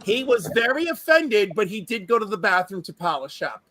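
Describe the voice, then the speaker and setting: A man hosting a casual panel chat on a video call, telling stories in an animated, gushing way. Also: high-pitched, moderate pace, a little hiss or hum. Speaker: host.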